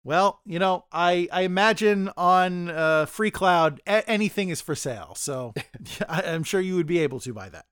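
High pitched podcast dude, smooth clear voice, super dry sound, keeps restarting sentences. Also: male voice, animated, normal speed, a bit bright, dry recording. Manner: rambling, frequent stammered restarts. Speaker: podcast co-host. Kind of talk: casual podcast discussion.

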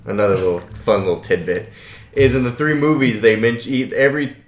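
A man chatting casually about a movie in a chatty, animated way. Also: mid-range voice, brisk, reverberant.

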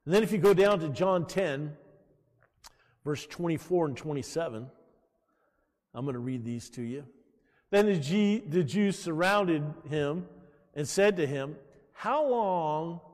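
High, lively-voiced preacher man in reverberant hall. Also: slow pace, pauses often. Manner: animated preaching, calls out "Amen?" to the congregation. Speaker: pastor. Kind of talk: sermon. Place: church.

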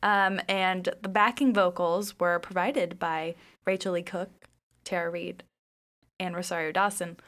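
A woman's voice: lowish voice, fairly even intonation, a little slow, a bit bright. A woman co-hosting a casual pop-culture podcast, eagerly laying out movie and music trivia. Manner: enthusiastic, detailed, trivia-heavy. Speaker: podcast co-host.

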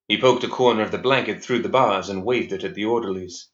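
Deep-voiced man narrating a dark audiobook. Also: fast, few pauses. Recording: echoey, slightly dull recording.

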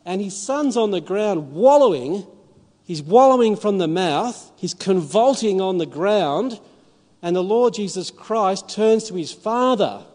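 A man's voice: high voice, darkish tone. A man, preaching a sermon in a church and moving from storytelling to emphatic appeals. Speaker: pastor. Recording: long reverb of a church hall.

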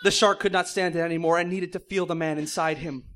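A man's voice: a little high, fairly even intonation, fast, a bit bright. A man reading silly fan fiction aloud in mock-serious narration, often breaking into laughter. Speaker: comedic reader.

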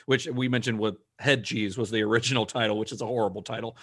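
A man co-hosting a podcast, retelling researched history in a casual, steady way with dry asides. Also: on the low side, fast, slightly rough. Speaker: podcast co-host.

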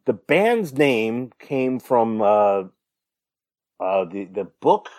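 A man's voice: mid-range voice, no room sound, studio quality. A young man, a podcast co-host, rambling through a casual story with lots of fillers and the odd swear. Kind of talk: casual chat.

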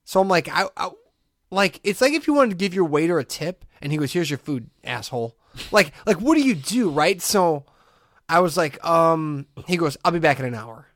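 A man's voice: on the high side, moderate pace, dry recording. Guy on a podcast telling a story, lots of acted-out quotes and laughs, dry close mic. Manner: animated storyteller, acts out quotes, laughs often. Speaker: podcast co-host. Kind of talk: casual storytelling chat.

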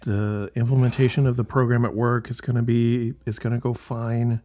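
A man's voice: mid-range voice, level tone, moderate pace, warm tone. A man co-hosting a casual chat, making short dry remarks. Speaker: podcast co-host.

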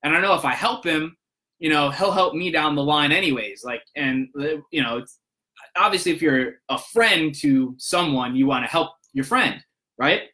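A man's voice: a little high, normal speed, pushed and bright. A young man casually telling a long, rambling story to his viewers, full of restarts and "he's like" quotes. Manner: rambling, many restarts and "I'm like".

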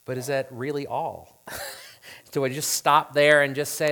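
A man's voice: mid-range voice, flat delivery, measured pace, fairly bright tone. A man preaching a sermon in an earnest, conversational way, with asides to the audience. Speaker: pastor.

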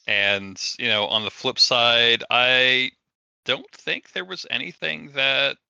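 A man's voice: medium pitch, steady tone, slow, vocal fry, pushed and bright, clean tone, no echo, highs cut off. A man co-hosting a casual chat, recapping scores in a wry, matter-of-fact way. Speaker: co-host.

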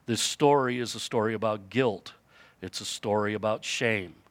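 A man's voice: on the low side, moderate pace, dry recording. Impassioned male preacher, dry sound. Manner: impassioned, rising to emphatic peaks then dropping to hushed lines; repeats for emphasis, asks the listeners questions. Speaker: pastor. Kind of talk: sermon.

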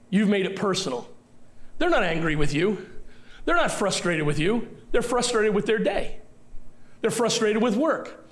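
A male pastor preaching a sermon, talking straight to his listeners with emphatic repetition and rhetorical questions. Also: sits high. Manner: direct address to the congregation.

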